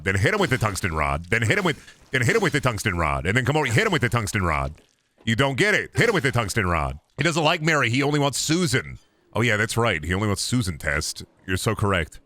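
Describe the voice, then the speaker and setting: Jokey young man streaming a game. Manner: rambling, jokey, swings between loud outbursts and low mutters. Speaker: gaming streamer. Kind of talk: casual gameplay commentary.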